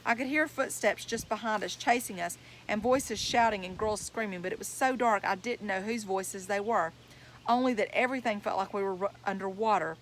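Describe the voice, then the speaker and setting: A woman's voice: mid-range voice, normal speed, slight background noise. A woman reading a novel aloud, telling it in plain first-person storytelling. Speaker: reader.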